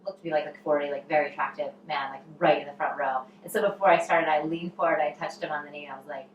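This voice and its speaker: A woman's voice: low-pitched, fast, muffled recording. A woman guest on a podcast, chatting casually and acting out quotes as she tells stories. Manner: animated storyteller, acts out quotes, many fillers. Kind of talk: casual chat. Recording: roomy, distant mic with faint noise.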